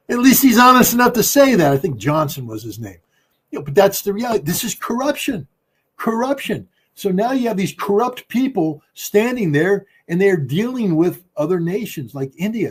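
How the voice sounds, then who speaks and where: Husky, emphatic man commenting. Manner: emphatic and combative, with big swings in pitch and loudness. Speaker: political commentator, former weapons inspector. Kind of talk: political commentary in an interview.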